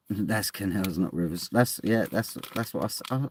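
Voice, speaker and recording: A man's voice: fairly low pitch, animated, normal speed, slight background noise. A man chatting casually on his live stream at home, rambling, laughing often and swearing now and then. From England. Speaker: streamer reading chat. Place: at home indoors.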